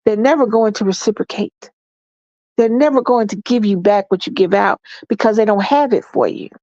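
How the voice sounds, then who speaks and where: A woman's voice: on the high side, darkish tone, no room sound, muffled recording. A congested woman giving relationship advice in a folksy, preachy monologue, calling her listeners y'all and baby.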